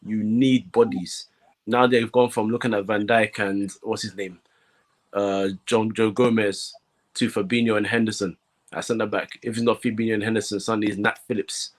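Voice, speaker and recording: A man co-hosting a casual football podcast, animated and slangy with plenty of fillers. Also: fairly low pitch, normal speed. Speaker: podcast co-host.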